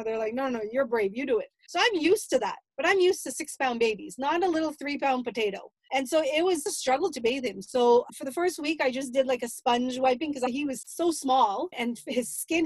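A woman, a grandmother, telling a personal family story in an emotional, animated way, acting out what people said. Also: high-pitched, no room sound, low-quality recording. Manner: emotional, animated retelling with acted-out quotes.

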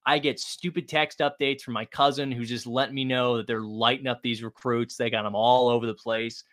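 Male co-host, bright and dry, animated casual sports banter. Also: mid-range voice, fairly quick, dry recording. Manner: animated, joking, swears casually. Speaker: podcast co-host.

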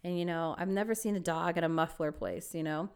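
A woman co-hosting a podcast, telling a story in a lively, casual way and laughing often. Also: on the low side, a little fast, clear, resonant tone. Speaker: podcast co-host.

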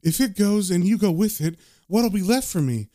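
A man's voice: high voice, expressive, moderate pace, mellow. A man voicing a tearful, stubborn pub landlady. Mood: pleading. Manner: pleading, then defiant. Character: grieving woman pub manager, stubborn and tearful.

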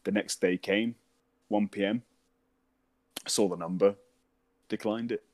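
A man's voice: fairly low pitch, steady tone, unhurried, darkish tone, no room sound. A young British man telling a funny story in casual chat, swearing, laughing and mimicking voices.

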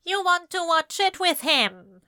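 A woman's voice: high voice, moderate pace, clean tone, dry recording, clean studio sound, pitched above the performer's own voice. A woman putting on a smarmy, sneering man. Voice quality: monotone, smarmy. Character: smarmy bald male stranger, sneering and rehearsed.

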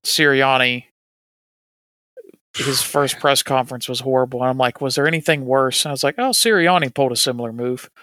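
A man's voice: mid-range voice, brisk, sharp tone, no echo. Laid-back man talking sports, dry. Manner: laid-back, agreeable, laughs often. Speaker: podcast co-host. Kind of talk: casual sports chat.

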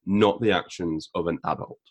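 A man's voice: low voice, moderate pace, slightly rough. A man speaking as a podcast guest, candid and reflective, with the odd casual swear. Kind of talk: casual interview chat.

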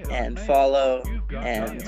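A man hosting a casual podcast, rambling and halting, often laughing with his co-hosts. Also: mid-range voice, level tone, music in the background. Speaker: podcast host.

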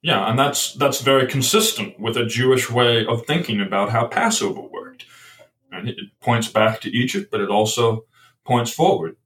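A man's voice: medium pitch, expressive, normal speed, fairly bright tone, distant mic, rough recording. A man explaining ideas in a podcast conversation as the guest author, thoughtful and hesitant, often restarting his sentences.

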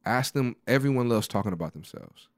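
A man's voice: medium pitch, expressive, fairly quick, no room sound, clean studio sound. A man in his thirties co-hosting a podcast, telling stories in a casual, rambling way full of restarts. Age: 30s. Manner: storytelling, lots of restarts and "you know". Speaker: podcast co-host. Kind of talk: casual chat.

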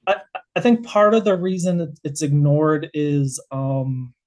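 A researcher with an American accent talks through their subject on a podcast in a mid-range voice. The delivery is animated and loose, full of restarts and thinking aloud. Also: mid-range voice, measured pace, a little hiss or hum. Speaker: guest researcher. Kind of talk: casual explanatory conversation.

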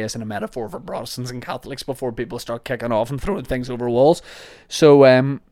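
A man's voice: medium pitch, a little mellow, smooth, no echo, clean studio sound. A young man with a Northern Irish accent, hosting a podcast and answering listener questions in a rambling, jokey, self-deprecating way. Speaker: podcast host.

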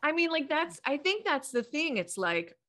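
A woman's voice: high voice, big pitch swings, moderate pace, bright, forceful tone. A middle-aged woman hosting a podcast in casual chat, rambling along in a stream of thought and laughing often. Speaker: podcast host.

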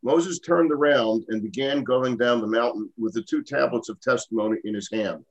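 Man, reading scripture aloud, steady, plain, mid-pitched. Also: normal speed, low-quality recording.

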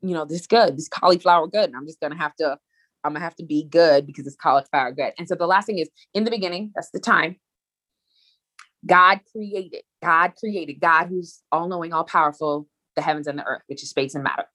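A woman podcast host giving an informal, animated bible teaching, acting out quoted exchanges. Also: deep voice, a little fast.

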